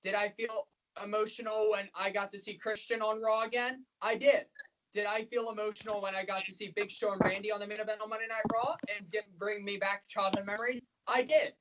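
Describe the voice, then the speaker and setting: A man's voice: sits high, flat delivery, brisk, a bit bright, poor audio. A man co-hosting a casual podcast chat, rambling and repeating himself with emotion. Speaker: podcast co-host.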